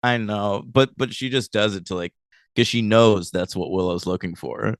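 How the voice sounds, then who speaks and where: A man's voice: lowish voice, normal speed, no echo, clean studio sound. A man co-hosting a podcast, chatting casually, laughing easily and explaining plot points. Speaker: podcast co-host. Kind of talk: casual recap chat.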